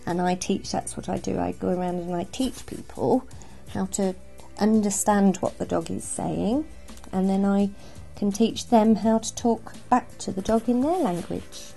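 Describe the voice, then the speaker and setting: A woman from England answers interview questions in an animated storytelling way. Her voice is dark and mellow with a gravelly edge. Faint music plays underneath. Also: medium pitch, measured pace. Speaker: dog trainer interviewed as guest. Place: outdoors by a river.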